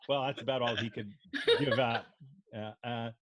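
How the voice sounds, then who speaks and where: A man's voice: medium pitch, fairly even intonation, normal speed, a bit bright. An older man from Brooklyn, with a faint Brooklyn accent, telling rambling stories with many restarts as an improv instructor. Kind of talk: casual discussion.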